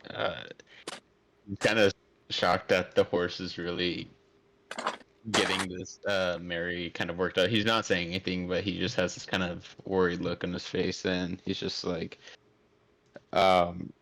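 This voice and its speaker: A man player at a tabletop game with a very low, gravelly voice. He speaks hesitantly in a flat tone and pauses often. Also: noisy background. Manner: hesitant, filler-heavy. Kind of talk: casual tabletop game talk.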